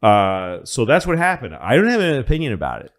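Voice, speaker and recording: A man's voice: medium pitch, wildly swooping pitch, brisk. A man co-hosting a comedy podcast, telling a rambling history story in casual chat, swearing freely as he goes. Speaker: podcast co-host.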